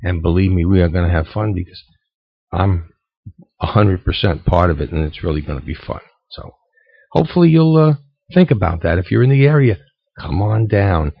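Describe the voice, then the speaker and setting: A man's voice: deep voice, lively intonation, vocal fry, slightly rough, no room sound. A man hosting a radio show in a casual, earnest way, stumbling and repeating words as he talks to listeners. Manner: earnest, halting, repeats words as he pleads for support. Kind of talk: casual radio talk between records. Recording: dull lo-fi dry studio sound.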